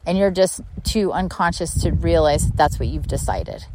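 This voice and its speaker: A woman's voice: animated, moderate pace, a little mellow, a little hiss or hum, poor audio. Blunt, laughing spiritual coach woman. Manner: candid and blunt, swears and laughs often; mimics people in a high mocking voice. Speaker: spiritual coach and podcast host. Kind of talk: impromptu solo podcast monologue. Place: outdoors by a pond at her home.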